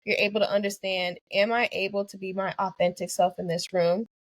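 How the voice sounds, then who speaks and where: A young woman speaks as a guest on a podcast interview, earnest and reflective, leaning on "you know" as she thinks aloud. Her voice sits in a middle pitch. The recording is dry, with no room echo. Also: flat delivery, brisk. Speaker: anesthesiologist assistant student guest.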